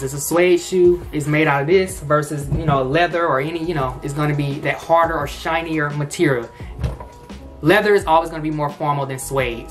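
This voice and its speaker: A man's voice: on the high side, a bit bright. Chatty man explaining shoe styles. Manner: chatty, many "like" and "you know" fillers, self-correcting. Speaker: style vlogger. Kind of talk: casual how-to explanation.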